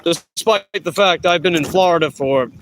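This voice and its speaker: A man's voice: fairly high pitch, moderate pace, fairly bright tone, slight background noise, rough recording. A middle-aged man with a Long Island New York accent chatting casually with viewers while out on delivery, rambling and correcting himself. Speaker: delivery rider vlogger. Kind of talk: casual chat answering live viewers.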